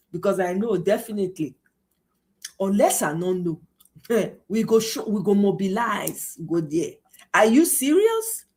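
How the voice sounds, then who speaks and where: A woman's voice: medium pitch, darkish tone. A Nigerian woman with a Nigerian accent, slipping into Pidgin, hosting a political livestream and mocking with laughing asides and exclamations. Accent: Nigerian, mixing Nigerian Pidgin. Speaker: livestream host.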